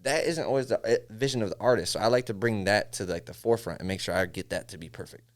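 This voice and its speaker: A male music engineer from Syracuse, New York, upstate, guests on a podcast for a casual interview chat. His voice is lowish and fast, and he tells animated stories, acting out studio dialogue and saying "bro" plenty.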